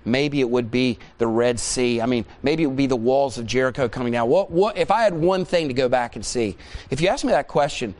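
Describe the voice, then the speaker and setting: A man in his forties preaching a sermon, telling stories in an animated way and repeating points for emphasis. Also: medium pitch, a little fast. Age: 40s. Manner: animated storytelling, emphatic repetition. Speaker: pastor.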